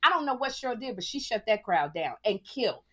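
Middle-aged female comic, lively talk with a swinging pitch, joking storyteller. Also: fast. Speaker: stand-up comedian. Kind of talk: casual podcast chat.

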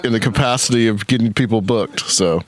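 A man's voice: fairly low pitch, a little fast. A man hosting a podcast in casual chat, easygoing as he steers the conversation. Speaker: podcast host.

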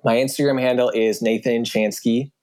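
A man's voice: medium pitch, steady tone, darkish tone. A man talking as a guest on a casual podcast, loose and filler-heavy, with lots of "like"s. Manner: fast, filler-heavy talk with many "like"s.

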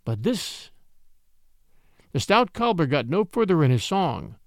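A man reads a storybook aloud with a lively, expressive delivery. His voice sits a little high and swings freely, and the recording is dry and close. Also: moderate pace, no echo. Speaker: audiobook narrator. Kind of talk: storybook narration.

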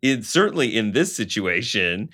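A man's voice: lowish voice, big pitch swings, moderate pace, pushed and bright, breathy edge. A man co-hosting a podcast, reading a novel aloud and joking about it, laughing often. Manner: giggly, playful, laughs often. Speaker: podcast co-host.

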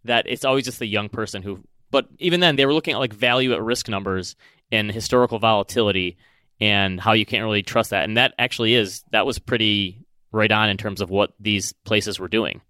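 Bright, clear-voiced man chatting casually. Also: lowish voice, fairly quick, no room sound, studio quality. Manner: animated, chatty, acts out quotes. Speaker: podcast co-host. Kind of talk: casual podcast chat.

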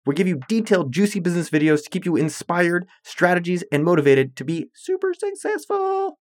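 A man's voice: a little high, quick pace, no room sound, studio quality. A man hosting his own podcast, talking in an upbeat, playful, salesy way. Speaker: podcast host. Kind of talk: energetic solo podcast talk.

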